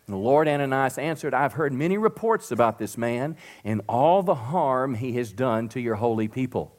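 A middle-aged man preaching to a church congregation, swinging from loud emphatic peaks to soft drops and calling out to the crowd for responses. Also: mid-range voice, lively intonation, normal speed, hardly any pauses. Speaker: pastor. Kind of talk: sermon. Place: church sanctuary.

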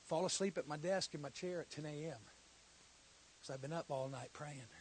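A man preaching a sermon, telling a story and then building to loud, shouted exhortation before a church congregation. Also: fairly high pitch, fairly quick, slight background noise. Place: church hall.

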